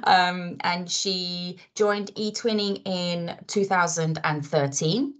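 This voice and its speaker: Low-voiced woman co-hosting a webinar. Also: fairly even intonation, takes it slowly. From Croatia. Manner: friendly, laughs often, many "um" fillers. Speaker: webinar co-host. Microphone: video call.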